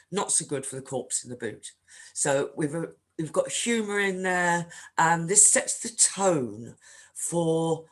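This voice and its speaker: A woman leading a writing workshop, talking conversationally with frequent filler ums. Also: sits low. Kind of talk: online workshop talk.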